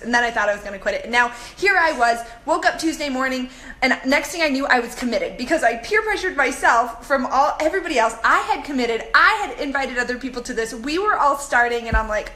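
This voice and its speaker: A woman in her thirties chatting on a live video to her viewers, animated as she tells stories and answers comments. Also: high voice, brisk. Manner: bubbly, animated storytelling, reads comments aloud. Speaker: coach hosting a live video. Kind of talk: live-stream chat to viewers. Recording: echoey room with faint background noise.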